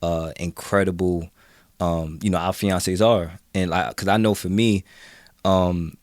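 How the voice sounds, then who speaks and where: A man with a very deep voice talks as a guest on a casual podcast. He speaks reflectively and from the heart, pausing often with fillers. The recording is dry and close-miked. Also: steady tone, no room sound.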